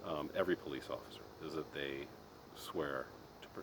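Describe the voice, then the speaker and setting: A man's voice: extremely low pitch, brisk. A middle-aged man venting in a casual monologue, exasperated and ranting, restarting often. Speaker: podcast host. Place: Colorado. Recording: noisy background.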